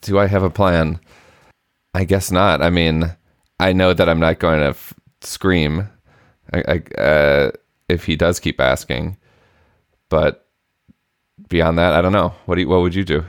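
A man's voice: sits low, fairly even intonation, measured pace, pauses often, clear, resonant tone, no room sound, clean studio sound. A man in his thirties co-hosting a parenting podcast, telling a story with many restarts and self-deprecating remarks. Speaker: podcast co-host. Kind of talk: casual parenting chat.

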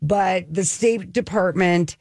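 A woman's voice: lowish voice, slow pace, creaky, no echo. Chatty radio co-host woman, dry sound. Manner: chatty, animated storyteller. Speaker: radio talk show co-host. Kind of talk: casual chat. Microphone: studio mic.

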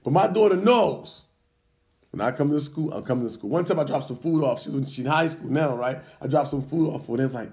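Fast-talking animated man telling stories. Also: a little high, vocal fry. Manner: animated, profane, acts out confrontations. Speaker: podcast co-host. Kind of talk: casual chat, storytelling.

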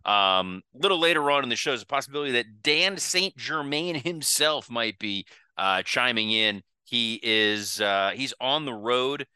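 Casting: male podcast host, very bright clear voice, loose casual delivery with swearing. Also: medium pitch, lively intonation, moderate pace, few pauses, no room sound. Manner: loose, swearing, restarts often. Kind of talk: casual chat.

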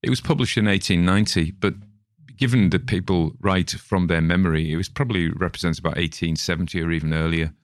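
A man's voice: sits low, quick pace, no echo, studio quality. A man hosting his own podcast, chatting in a rambling, digressive way about a short story he has just read. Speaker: podcast host. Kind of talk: casual chat about a story.

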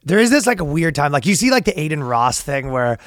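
Man, slightly high voice, rambling podcast chat, dry close mic. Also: sing-song, fast, no room sound. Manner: rambling, restarts often, laughs a lot. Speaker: podcast co-host. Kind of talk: casual comedy podcast chat.

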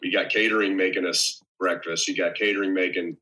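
A man with a very deep voice that still rings bright and forward, chatting casually as an actor on a podcast. He meanders through his points with a dry, wry humor. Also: steady tone, a little fast, poor audio.

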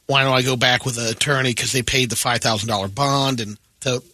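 A man co-hosting a radio show, dropping quick wry remarks into casual banter. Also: medium pitch, fairly even intonation, sharp tone, no echo. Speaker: radio co-host.

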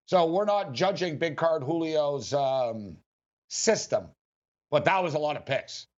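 A man's voice: fairly high pitch, lively intonation, a little slow, lo-fi sound. A man hosting a sports betting radio show, rambling casually with frequent chuckles.

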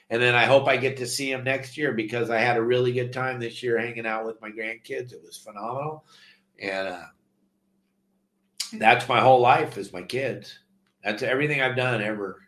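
A man's voice: mid-range voice, normal speed, fairly bright tone, echoey room. Earnest older man hosting a fishing show. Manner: earnest, heartfelt. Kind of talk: casual chat.

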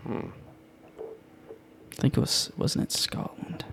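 A man's voice: slow pace, fairly bright tone, slight background noise. A man from Canada co-hosting a podcast, playing a trivia game with his friends in an easygoing way. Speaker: podcast co-host. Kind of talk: casual chat.

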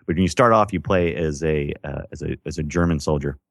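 A man co-hosting a casual gaming podcast, rambling and animated, acting out quotes as he tells stories. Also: extremely low pitch, a little fast, gravelly, no echo, clean studio sound. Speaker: podcast co-host.

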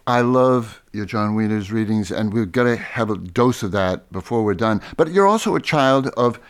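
A man hosting a literary interview, asking lively, articulate questions. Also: lowish voice, normal speed, smooth. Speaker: interviewer, host.

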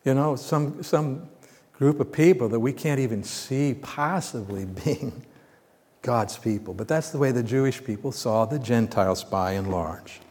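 A man preaching a sermon, teaching through scripture in a conversational way, asking his listeners questions and swinging between loud emphatic bursts and quiet asides. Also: medium pitch, measured pace. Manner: conversational, asks the congregation questions. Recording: long reverb of a large hall.

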